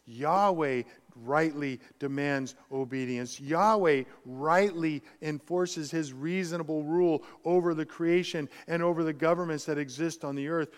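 A man preaching a sermon as pastor, emphatic, swinging between quiet and loud passages. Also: fairly high pitch, in a large hall.

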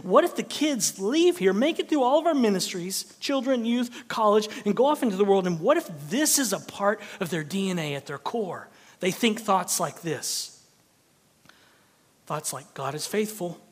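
A man's voice: high-pitched, normal speed. Man preaching in an echoing church. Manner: animated, swinging from loud to hushed. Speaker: pastor. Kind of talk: sermon. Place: church sanctuary. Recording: long reverb of a large church hall.

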